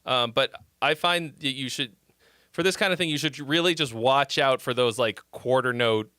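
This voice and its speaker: A man hosting a casual song-critique livestream, talking in an animated, rambling way with plenty of swearing. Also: medium pitch, normal speed, smooth, dry recording, clean studio sound. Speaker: music critique livestream host.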